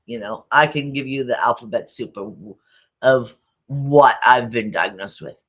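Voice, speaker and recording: Slow, bright-voiced woman telling stories. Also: a bass voice, slightly rough, dull audio. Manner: rambling, repeats phrases, chuckles often. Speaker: vlogger. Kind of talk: casual storytelling.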